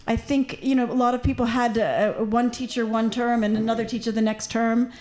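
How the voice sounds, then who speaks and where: A woman from Washington D.C. speaking on a panel discussion, chatty and animated with lots of asides. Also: a little high, a little fast, slight background noise. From United States, Washington D.C.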